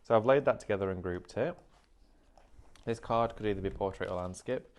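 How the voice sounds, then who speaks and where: A man's voice: lowish voice, a little fast. A man presenting a live craft demonstration, explaining each step in a chatty way. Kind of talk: live shopping craft demo.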